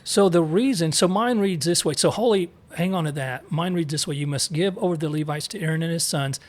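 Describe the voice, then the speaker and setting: Teaching scripture as a co-host, a man reads Bible verses aloud and carefully sounds out Hebrew words along the way. The tone is an easygoing study session; his fairly high male voice stays conversational, peppered with asides.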